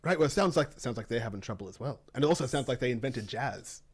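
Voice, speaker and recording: Husky guy player, talks fast, jokey. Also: mid-range voice, lively intonation. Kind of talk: playing a tabletop game.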